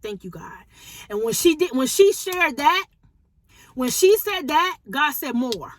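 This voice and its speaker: A woman's voice: sits high, animated, a little slow, a little hiss or hum. A woman preaching informally to camera in a conversational, emphatic way, repeating phrases for emphasis. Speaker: prophetic teacher.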